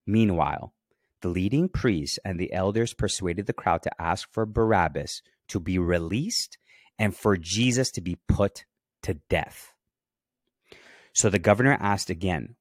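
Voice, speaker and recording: A man's voice: low voice, measured pace, no room sound, clean studio sound. A man hosting a Bible teaching podcast. He reads scripture aloud and stops often to stress key words and press his listeners to take them in.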